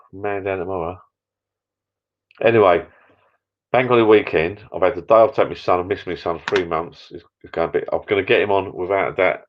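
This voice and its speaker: Low-voiced man chatting tiredly. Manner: rambling, chatty, mild swearing. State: tired, a few beers in. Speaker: live-stream host. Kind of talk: casual live-stream chat. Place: backyard shed bar, small room indoors. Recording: dull lo-fi stream audio.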